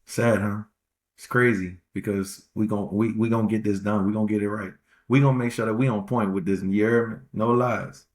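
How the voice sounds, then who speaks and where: A man's voice: fairly low pitch, fairly even intonation, moderate pace. A man hosting a podcast, giving casual relationship advice in a rambling, slangy way and repeating phrases for emphasis. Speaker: podcast host.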